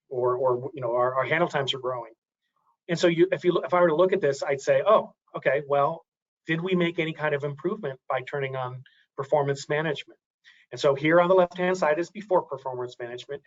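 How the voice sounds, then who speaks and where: A man's voice: on the high side, muffled recording. A man giving a webinar presentation, talking through graphs, thinking aloud with many restarts and fillers.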